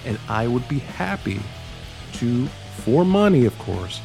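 A man's voice: mid-range voice, big pitch swings, a little slow, creaky, music in the background. A man co-hosting a show, plugging his own artwork in a joking, loose way. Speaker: co-host reading his own ad. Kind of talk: casual self-promo.

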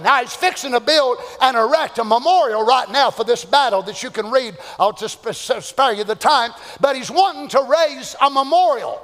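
Preacher guy, really high voice, fired up, long echo off the church walls. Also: moderate pace. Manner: fervent preaching, rising to shouts and dropping to hushed asides. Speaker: pastor. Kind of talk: Pentecostal sermon. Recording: long church hall reverb.

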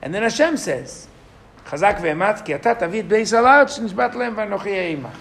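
Animated man teaching a Torah class. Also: high voice, fast talker, gravelly, a little hiss or hum. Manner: animated, questions the class, reads Hebrew verses aloud.

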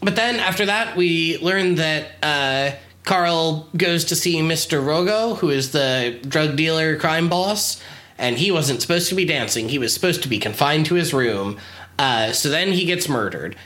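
A woman's voice: deep voice, animated, unhurried, a bit bright. A woman co-hosting a podcast, chatting casually and bluntly criticizing a TV episode, laughing often. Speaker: podcast co-host.

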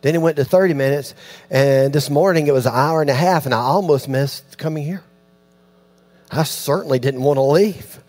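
A fairly high-pitched man delivers a sermon with animated storytelling. He acts out the voices of the people he talks about and drops to hushed tones for quiet lines. A faint electrical hum sits under the recording. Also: normal speed. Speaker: pastor.

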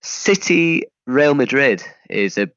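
A man's voice: medium pitch, expressive, takes it slowly, fairly bright tone, no echo, dull audio. A man hosting a podcast in casual chat, rambling with frequent restarts. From England. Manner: chatty, rambling with many restarts. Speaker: podcast host.

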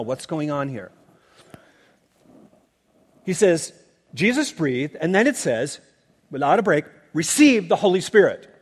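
A man preaching a sermon, teaching through scripture with emphatic asides to the listeners. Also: high-pitched. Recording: long reverb of a large hall.

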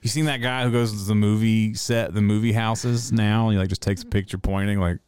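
A man with a lowish, smooth and resonant voice trades crude jokes in a relaxed podcast chat. His delivery is close and dry, with no room sound around it. He spins absurd hypotheticals with a teasing, offhand manner. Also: brisk, no echo. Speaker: podcast co-host. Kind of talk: casual chat.

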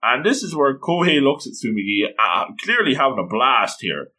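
A man casually reading through a manga chapter, gushing over it and doing quick voices for the characters. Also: mid-range voice, sing-song, bright, forceful tone. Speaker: manga reader and reviewer. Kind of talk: casual read-through commentary.

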